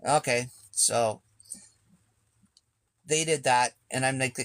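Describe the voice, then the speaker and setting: A man's voice: medium pitch, slow pace, fairly bright tone, no room sound. A man telling a casual, rambling story as a sailing vlogger, swearing freely and acting out what people said. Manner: rambling, profane, acts out quoted speech.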